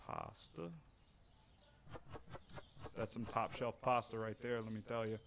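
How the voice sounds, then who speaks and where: A man giving casual gameplay commentary, narrating his own moves with animated mock outrage. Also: lowish voice, measured pace, creaky, noisy background. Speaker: gaming streamer.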